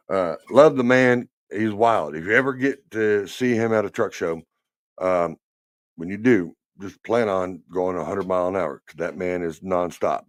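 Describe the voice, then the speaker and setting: A man's voice: low-pitched, no echo, clean studio sound. A man hosting a trucking talk show, rambling and teasing in casual chat from his truck cab. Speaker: trucking podcast host. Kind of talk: casual chat while driving.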